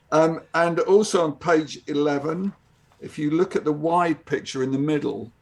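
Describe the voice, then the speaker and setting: An older man talks through the pages of his own comic as a guest artist, musing aloud and restarting his sentences. His voice sits a touch high and has a gravelly, fried edge. It sounds like a relaxed, casual chat. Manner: reflective, with frequent restarts.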